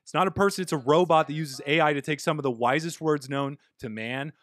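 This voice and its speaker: A man's voice: on the high side, fast, fairly bright tone. A young man hosting a casual comedy podcast, joking around and reading quotes with mock drama. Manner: jokey, playful, reads quotes with mock drama. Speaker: podcast host.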